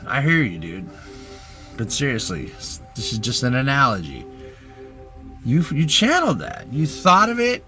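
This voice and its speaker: A man's voice: on the high side, bright, forceful tone. A young man giving a rambling, profane self-help rant in a clip, hyping things up and then mumbling asides. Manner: rambling and swearing, jumping between hype and mumbling. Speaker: TikTok ranter.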